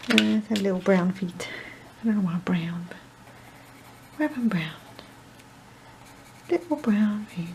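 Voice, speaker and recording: Chatty woman with a gravelly voice. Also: mid-range voice, takes it slowly, long pauses, background noise. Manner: rambling, chatty, self-deprecating asides, muttering to herself. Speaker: card-making crafter. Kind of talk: crafting tutorial chat.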